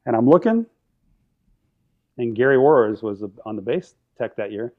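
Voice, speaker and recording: A man telling stories on a podcast in a casual, animated way, acting out quotes and laughing often. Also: mid-range voice, moderate pace, phone-quality sound. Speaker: podcast guest, drum line instructor. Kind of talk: casual storytelling.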